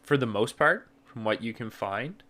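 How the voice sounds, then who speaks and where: A man streaming a game, talking casually to his viewers in a relaxed, rambling way with lots of fillers. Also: mid-range voice, moderate pace. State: yawning, sleepy. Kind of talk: casual gaming chat with chat viewers.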